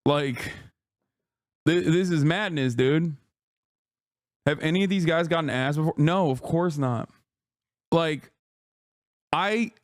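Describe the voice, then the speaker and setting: High-pitched man ranting on a stream. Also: dry recording, studio quality. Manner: animated, profane, mocking rant with frequent laughs. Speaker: streamer reacting to videos. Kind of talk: casual livestream reaction commentary.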